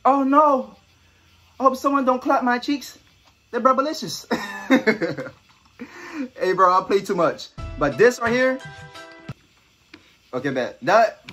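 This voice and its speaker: A man's voice: extremely high pitch, animated, slow pace, pauses often, sharp tone, faint music behind. A young man doing goofy, riffing commentary while playing a horror game. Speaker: gaming YouTuber. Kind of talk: comedic let's play commentary.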